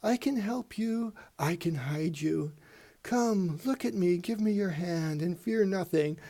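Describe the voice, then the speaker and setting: A man voicing a seductive goddess who lures a frightened troll, in a soft, high, coaxing voice. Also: slow, heavily acted.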